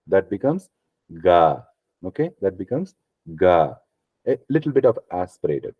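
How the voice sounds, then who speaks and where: A man's voice: mid-range voice, dry recording, phone-quality sound. A man teaching a class on Sanskrit pronunciation, patiently repeating each sound and checking in with "okay" after almost every step.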